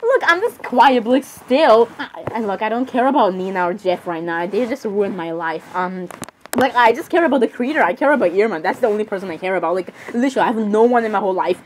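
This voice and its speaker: A woman running a solo role-play, switching quickly between the voices of many characters and giggling often. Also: medium pitch, lively intonation, slight background noise.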